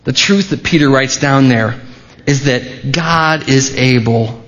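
A man's voice: medium pitch, slow pace, fairly bright tone. A man preaching a sermon as a pastor, in a conversational way with restarts and asides. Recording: dull, lo-fi sermon recording.

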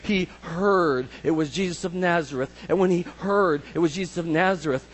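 A man preaching a sermon, dramatic, acting out scripture voices and swinging between hushed lines and shouts. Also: fairly high pitch, normal speed, few pauses, rough recording.

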